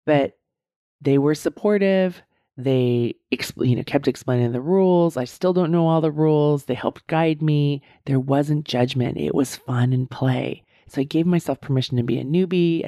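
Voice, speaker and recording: A woman in her fifties speaks in an earnest, encouraging monologue, circling back to her points and tagging them with "right?". Her voice is warm and soft-edged, recorded dry with no room sound. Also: deep voice, no room sound. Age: 50s. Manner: earnest, repeats points for emphasis, asks "right?" often. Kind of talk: reflective motivational monologue.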